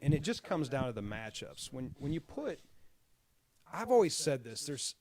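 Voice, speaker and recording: A man's voice: medium pitch, big pitch swings, moderate pace, darkish tone. A man who promotes fights, hosting a podcast in a rambling, repetitive, conversational way. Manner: rambling, repeats words and "at the end of the day". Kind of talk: casual podcast chat.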